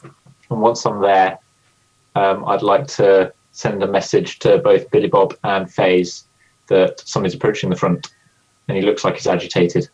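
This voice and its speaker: Low flat-voiced guy asking careful questions in a tabletop game, kinda muffled lo-fi mic. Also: normal speed, slightly rough. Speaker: player.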